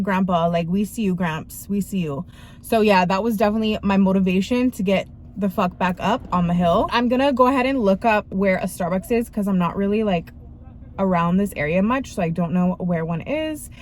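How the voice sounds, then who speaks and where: A young woman vlogger chatting casually to her viewers in slangy, filler-heavy talk. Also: a little high. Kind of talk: casual vlog chat.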